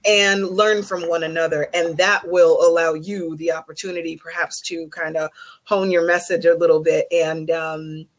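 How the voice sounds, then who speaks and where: A woman who works as a psychic and Reiki master, telling a candid, animated story in a casual group video chat. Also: low voice, normal speed, low-quality recording.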